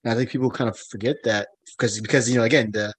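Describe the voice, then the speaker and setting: A man co-hosting a casual movie podcast, excitable and rambling, with many fillers, restarts and laughs. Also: mid-range voice, quick pace, husky, no echo. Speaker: podcast co-host.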